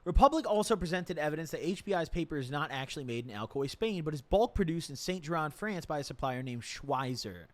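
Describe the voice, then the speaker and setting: A man's voice: a little high, animated, brisk, hardly any pauses, dry recording. A man streaming live, casually rambling and slangy as he reads a legal document aloud and reacts to it. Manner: rambling, repeats himself, slangy.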